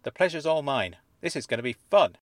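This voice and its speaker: A man lifts his voice to play a sharp, dry-witted woman academic, brisk and matter-of-fact, with a higher, brighter tone than his own. The storybook reading is close and dry, with no room sound. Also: animated, dry recording, close to an everyday voice. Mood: wry.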